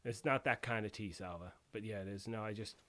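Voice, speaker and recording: A man's voice: fairly low pitch, a little fast, fairly bright tone. A man hosting a casual live stream, chatting loosely with many fillers and answering viewers. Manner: rambling, conversational, many fillers; reads and answers chat. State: throat clearing after choking on tea. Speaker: livestream host.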